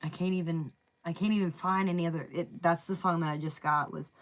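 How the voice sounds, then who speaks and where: A woman's voice: lowish voice, fairly even intonation, brisk. A woman with a Southern US accent giving a casual tarot reading, chatty and thinking aloud, saying "y'all" and "man". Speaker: tarot reader.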